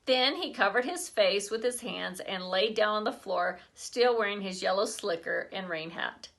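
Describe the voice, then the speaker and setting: A woman's voice: mid-range voice, expressive, moderate pace, gravelly, a bit bright. A woman teacher reading a children's chapter book aloud expressively, breaking off for chatty asides to her class.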